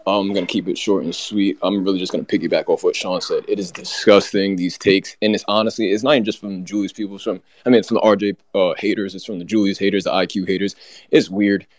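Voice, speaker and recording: Fast-talking low-voiced man ranting. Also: steady tone, no room sound. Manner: rapid, heated, run-on ranting. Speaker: co-host. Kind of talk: casual sports rant.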